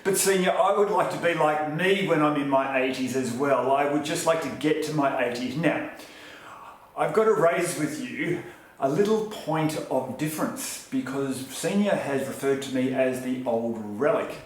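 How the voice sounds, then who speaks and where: A man's voice: fairly high pitch, moderate pace. A man with an Australian accent co-hosting a casual vlog chat with dry, wry humor. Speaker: vlog co-host. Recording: very echoey room with faint noise.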